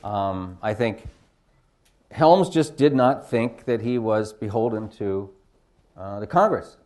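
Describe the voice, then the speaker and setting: A man's voice: lowish voice, animated, slow, a little mellow. A film director on a panel, answering reflectively and searching for his words with many fillers. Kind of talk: panel discussion.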